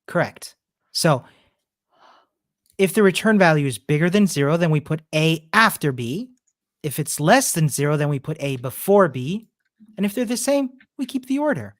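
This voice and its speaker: A woman's voice: low-pitched, sing-song, normal speed, dry recording, studio quality. A woman patiently explaining code step by step in a live lesson. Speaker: coding instructor.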